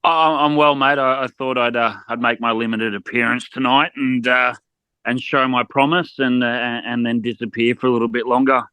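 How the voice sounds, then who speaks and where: A man's voice: medium pitch, fairly even intonation, normal speed, pushed and bright, clear, resonant tone, no echo. A man, a podcast guest talking sport bluntly and getting worked up, often repeating words. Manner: blunt, fired-up, repeats words when heated. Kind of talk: casual sports chat.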